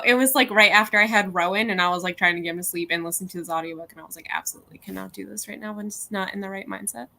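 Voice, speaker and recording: A woman's voice: medium pitch, sharp tone, slight background noise. A woman hosting a reading livestream, chatting casually with friends over a video call and often breaking into laughter as she reads viewer comments aloud. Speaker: livestream host.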